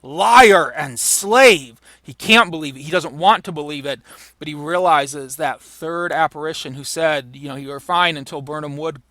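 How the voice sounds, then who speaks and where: A man's voice: a little high, fairly even intonation, moderate pace, bright, forceful tone, no room sound. A man lecturing on literature, explaining patiently and paraphrasing the passages he reads aloud. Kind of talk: recorded lecture.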